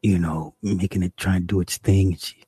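A man's voice: low voice, flat delivery, moderate pace, mellow, husky, dry recording. A young man doing stand-up, telling a crude story in a profane, exasperated, rambling way. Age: young adult. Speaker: stand-up comedian.

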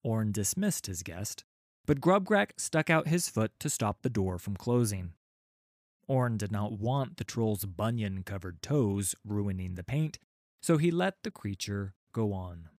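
A man's voice: on the low side, expressive, a little slow, dry recording, clean studio sound. A man narrating a children's storybook, with wry, playful asides to his listeners.

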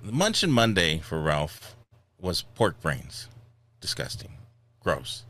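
Male podcast host, very deep, animated, casual chat. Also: takes it slowly, faint music behind.

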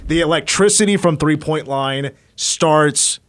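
A man's voice: on the high side, measured pace. Emphatic male sports radio host. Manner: hyped, emphatic stat-driven player breakdown.

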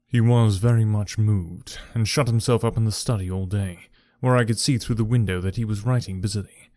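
A man voicing a troubled young gentleman who earnestly recounts a family ordeal. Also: lowish voice, steady tone, fairly quick, dry recording, clean studio sound, close to an everyday voice. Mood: grave. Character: young gentleman, troubled, telling of his father's ruin.

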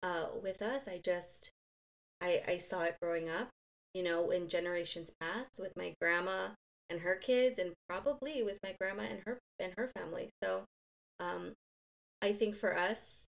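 A woman's voice: fairly low pitch, normal speed, vocal fry. A woman in her thirties chatting casually as a podcast co-host, telling her own stories and backing up her partner with short agreements. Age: 30s. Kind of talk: casual chat.

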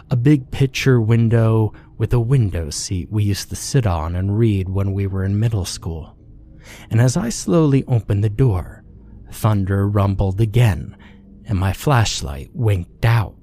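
A man narrating a scripted horror story in a measured, hushed way. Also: on the low side.

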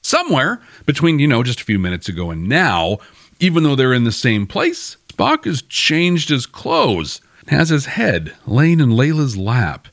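Young man, wry recap host, animated delivery, dry close mic. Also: medium pitch, a little slow, no echo. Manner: wry, animated, chuckling asides. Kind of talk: casual episode recap.

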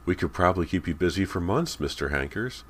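A man reading an audiobook, voicing an anxious, fretful mother who speaks fast and a little too brightly. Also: sits low, expressive, slight background noise, pitched above the performer's own voice. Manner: quick, fretful, overbright.

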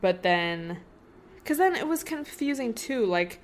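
A woman's voice: a little high, very animated, measured pace. A young woman hosting a casual solo podcast, thinking aloud in a rambling way with lots of fillers. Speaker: podcast host.

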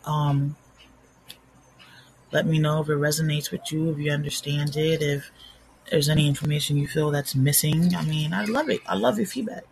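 Gravelly-voiced woman podcasting. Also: low voice, fairly even intonation, normal speed, darkish tone, slight background noise, low-quality recording. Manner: rambling, candid, self-deprecating. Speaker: podcast host. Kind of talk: casual solo podcast chat. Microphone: home recording setup.

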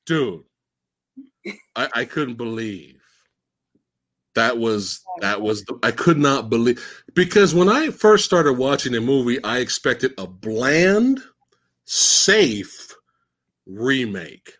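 A man hosting a casual podcast, mocking a film's plot in a profane, animated way as he retells it. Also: medium pitch, slow, long pauses. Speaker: podcast host. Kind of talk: casual podcast film discussion.

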